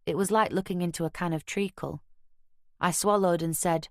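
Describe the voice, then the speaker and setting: A woman narrating a crime audiobook in the first person, measured and wry, recorded close on a studio mic. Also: low-pitched, fairly even intonation, no room sound.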